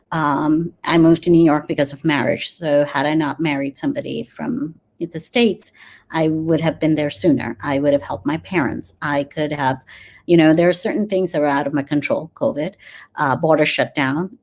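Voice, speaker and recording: A woman in her forties, a dentist and grief coach, talking earnestly in an interview with many pauses and fillers. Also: deep voice, steady tone. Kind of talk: conversational interview.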